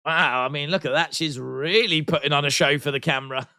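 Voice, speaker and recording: A man hosts a live watch-along stream in easy, casual chat, reading viewer comments aloud and answering them with playful teasing. His voice sits a little high and sounds bright and forceful. The sound is dry and close, with no room echo. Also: fairly quick, smooth. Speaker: livestream host.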